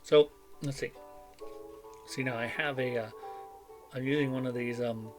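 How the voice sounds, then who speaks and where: A man's voice: mid-range voice, fairly even intonation, unhurried, loud music behind the voice. A middle-aged man with a cough and headache, rambling in a casual chat at his home desk mic, with lots of fillers and self-deprecating asides. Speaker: vlogger. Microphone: desk microphone.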